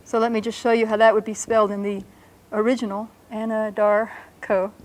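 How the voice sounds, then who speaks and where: A woman teaching a language lesson, explaining patiently and sounding out words slowly and carefully. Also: a little high, little pitch movement.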